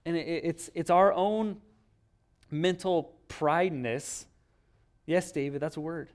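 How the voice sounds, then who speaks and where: A man's voice: fairly high pitch, slow pace. A man preaching a sermon in a conversational, self-deprecating way, acting out little dialogues. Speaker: pastor.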